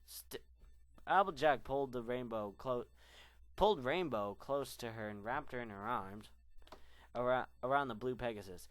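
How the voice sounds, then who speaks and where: A man's voice: mid-range voice, moderate pace, a bit bright, dry recording. A young man reading a fan story aloud, rambling in asides and stumbling over words. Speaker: fan fiction reader.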